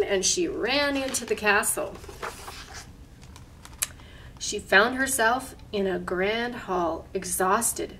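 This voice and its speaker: A woman storyteller reading a picture book aloud, gently pointing out the pictures as she goes. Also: medium pitch, a little hiss or hum. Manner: gentle, explaining pictures to listeners. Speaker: library storyteller.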